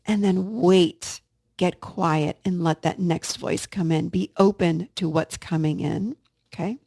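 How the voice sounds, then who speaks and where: A woman podcast host speaks in an earnest, encouraging way, addressing her listeners directly. Her mid-range voice carries a gravelly vocal fry. The recording is close and dry, with no room sound. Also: medium pitch, slow pace, no room sound. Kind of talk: casual self-help podcast talk.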